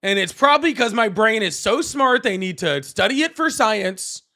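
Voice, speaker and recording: A man's voice: high-pitched, lively intonation, moderate pace, pushed and bright. A man doing an impression of a boastful, rambling older male president. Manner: bragging, repetitive, self-praising.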